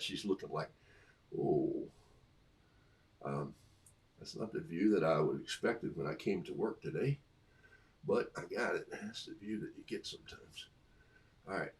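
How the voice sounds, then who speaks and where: Chatty man painting live, with a cough. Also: low voice. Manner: chatty, self-amused, talks through each brushstroke. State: has a cough. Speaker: artist painting on a livestream. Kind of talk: casual live painting chat.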